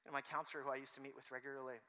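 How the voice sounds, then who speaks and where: A man's voice: medium pitch, little pitch movement, very fast, pushed and bright, in a large hall. A man preaching a sermon, telling personal stories and acting out the voices he quotes. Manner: storytelling, acts out quoted voices. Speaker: pastor.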